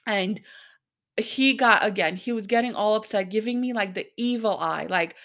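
An angry woman speaks straight to her podcast listeners in a personal monologue, still worked up and frustrated. Her talk comes in bursts, broken by quick asides. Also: medium pitch, a bit bright. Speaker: podcast host.

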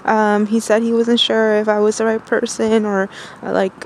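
A young woman in a personal voice diary, miserable and rambling, halting with many fillers and restarts. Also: medium pitch, little pitch movement, slight background noise.

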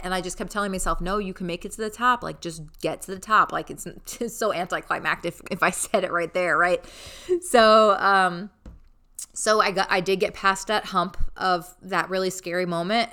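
Young adult woman, casual storytelling, chatty with lots of fillers, bright voice, slightly low pitch. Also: clear, resonant tone. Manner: chatty, many fillers, laughs easily.

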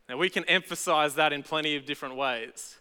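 Australian male pastor, high clear voice, casual sermon delivery, echoey hall sound. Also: brisk, sharp tone. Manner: conversational, chatty with casual asides.

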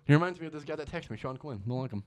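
A man's voice: fairly high pitch, expressive, very fast. A young man in casual chat, animatedly retelling a film's scenes, swearing freely and laughing along with his co-host.

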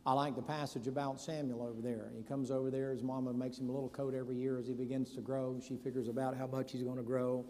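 A preacher with a mellow, dark voice, telling Bible stories in a folksy, conversational way. His sermon rings with the long reverb of a big hall, with faint room ambience underneath. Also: mid-range voice, little pitch movement, quick pace, hardly any pauses, a little hiss or hum. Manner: folksy storytelling preacher, acts out Bible scenes in casual voices. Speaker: pastor.

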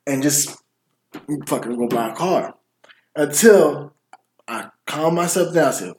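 A man telling stories in casual podcast chat, animated and swearing often. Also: fairly high pitch, unhurried, long pauses, a little hiss or hum. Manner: profane, animated storytelling. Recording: roomy echo.

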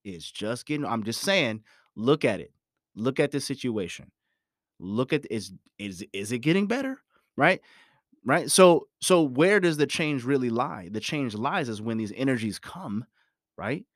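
A man delivers an emphatic motivational talk and drives his points home by repeating them. His pitch swings widely and expressively. The recording is dry, with no room echo. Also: lively intonation, measured pace. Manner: repetitive, emphatic, preachy. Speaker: motivational speaker.

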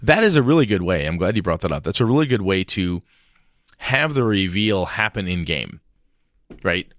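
Deep-voiced man, dry close sound. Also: moderate pace, no room sound. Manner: animated, acts out players' lines, swears casually. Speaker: game master podcast co-host. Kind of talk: casual chat about tabletop games.

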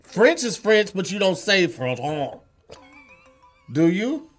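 A man playing a word game with a friend, joking around and sounding out hard words slowly. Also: high voice, big pitch swings, soft background music. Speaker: game show contestant and host. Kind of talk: casual banter on a word game.

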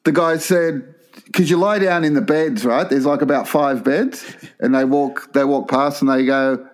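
A man's voice: medium pitch, steady tone, normal speed. A man telling rambling stories in casual sports banter, swearing freely.

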